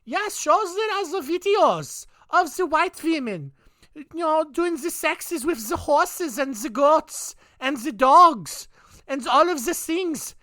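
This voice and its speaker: A squeaky, overeager male pervert gushes in a high, thin voice, played by a drunk man. The recording is dry and close, with no room echo. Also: expressive, slow pace, sharp tone, exaggerated voice. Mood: giddy.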